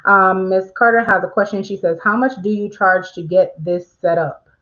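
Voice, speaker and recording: Woman host, casual livestream explainer, chatty, mid pitch, slightly muffled lo-fi audio. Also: normal speed, a bit bright. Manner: chatty, reads viewer questions aloud, frequent fillers.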